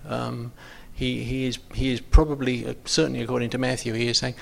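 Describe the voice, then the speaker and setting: A man's voice: mid-range voice, fairly even intonation, fairly quick, vocal fry, few pauses. A man leading an informal Bible study, talking hesitantly with many ums and restarts.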